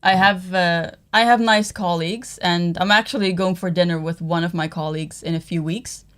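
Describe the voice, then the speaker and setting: Soft-spoken woman, low-ish voice. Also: steady tone, moderate pace. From Netherlands. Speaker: co-host, partner. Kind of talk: casual livestream chat.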